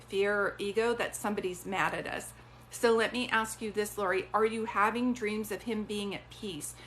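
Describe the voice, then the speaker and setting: A woman working as a psychic medium, giving readings on a live stream in a chatty, animated way. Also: medium pitch, a little hiss or hum. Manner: chatty, animated, often acts out quoted voices.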